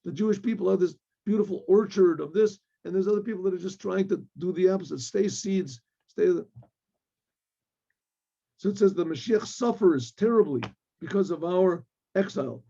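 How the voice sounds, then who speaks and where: A male rabbi teaching a Torah class, quoting Hebrew verses and explaining them in English, often clearing his throat. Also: high-pitched, normal speed, dark tone, lo-fi sound.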